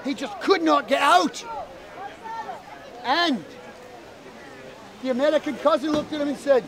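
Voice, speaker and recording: High-voiced man telling a folk tale. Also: a little slow, pauses often, some chatter behind. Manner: animated, teasing asides. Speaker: storyteller. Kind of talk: live oral storytelling to an audience. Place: outdoor event.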